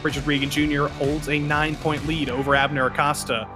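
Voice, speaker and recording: A man doing live play-by-play commentary for an online racing league, joking and brisk. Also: fairly high pitch, flat delivery, music in the background.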